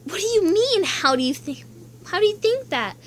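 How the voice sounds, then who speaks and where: A woman's voice: extremely high pitch, big pitch swings, moderate pace, a little hiss or hum, voice pushed up. A woman voicing a fiery, defiant young woman who protects her sister, talking sharply and scornfully. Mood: outraged.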